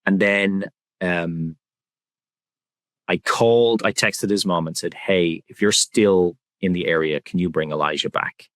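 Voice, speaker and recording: A man speaking as a podcast guest, talking in a soft, reflective and candid way in a relaxed conversation. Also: deep voice, a little slow, no room sound.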